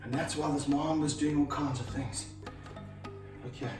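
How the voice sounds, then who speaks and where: A middle-aged man talking to camera as he handles a snake, energetic and out of breath, stopping to coax it. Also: on the high side, moderate pace. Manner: energetic, breathless, coaxing the snake between explanations. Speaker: snake handler and vlog host. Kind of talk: casual talk to camera while handling a snake. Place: echoey room with slippery floors, indoors. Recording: roomy echo, voice a bit far from the mic, faint music.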